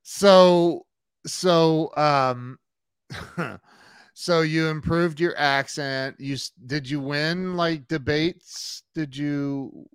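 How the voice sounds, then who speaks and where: A man hosting an interview, asking halting questions and giving short encouraging reactions. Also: fairly high pitch, clean tone, no room sound. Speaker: podcast host. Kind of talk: interview, casual chat.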